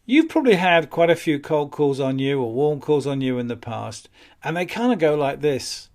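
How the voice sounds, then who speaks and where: A man teaching phone appointment-setting in a calm, matter-of-fact way, with light chuckles. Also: a little high, normal speed. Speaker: business skills trainer. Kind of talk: instructional talk on phone sales.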